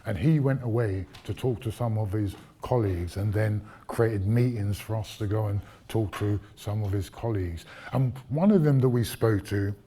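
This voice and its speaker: Man as guest lecturer, husky and dark-toned, anecdotal and conversational. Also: medium pitch. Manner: conversational, recounting anecdotes with asides to the audience. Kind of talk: public lecture, storytelling.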